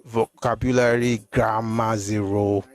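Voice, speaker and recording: A man hosting a live stream, answering viewer comments in an animated, exclamatory way, often repeating himself. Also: lowish voice, measured pace, dry recording. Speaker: host.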